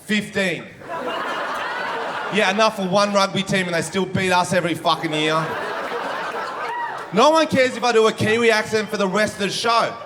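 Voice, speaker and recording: A man's voice: high voice, moderate pace, pauses often, background noise. A man doing a brash, profane stand-up comedy set on a club stage. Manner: brash, profane, punchy delivery. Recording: live show with loud crowd laughter.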